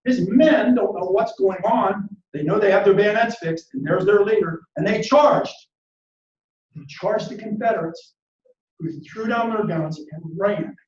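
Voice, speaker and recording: A man's voice: high voice, unhurried. Male motivational speaker, dramatic storyteller; dull lo-fi, roomy recording. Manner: dramatic, acts out quotes and shouts battle orders. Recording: echoey room, distant mic, dull lo-fi sound.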